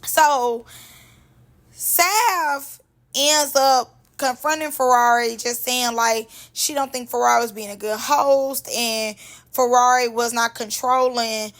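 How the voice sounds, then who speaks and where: A young woman hosting her own vlog, recapping reality TV in an animated, slangy, chatty way. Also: on the high side, slow. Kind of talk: casual commentary vlog.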